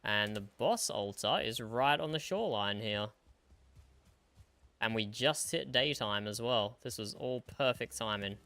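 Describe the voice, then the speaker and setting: A male game streamer talks at his desk mic in a bright, crisp voice sitting a little low. He keeps a dry, matter-of-fact tone and chuckles now and then. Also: unhurried. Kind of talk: casual gaming livestream chat.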